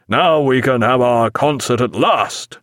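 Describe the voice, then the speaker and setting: A man voicing a jovial, hearty sailing-ship captain who talks with booming, old-fashioned enthusiasm. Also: measured pace, a bit bright, dry recording, studio quality, lightly acted. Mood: enthusiastic. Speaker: ship's captain.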